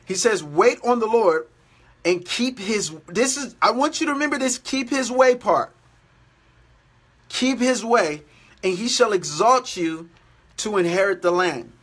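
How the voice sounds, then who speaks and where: A man's voice: high voice, animated, a little slow, fairly bright tone, husky. A man preaching a daily devotional sermon, earnest and repetitive in his exhortations.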